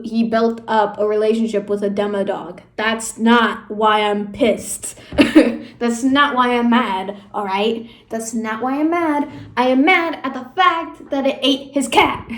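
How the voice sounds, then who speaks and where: A young woman casually talking over a show as a YouTuber, rambling and emotional, with many fillers. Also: fairly high pitch. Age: young adult. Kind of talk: casual fan commentary. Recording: echoey room.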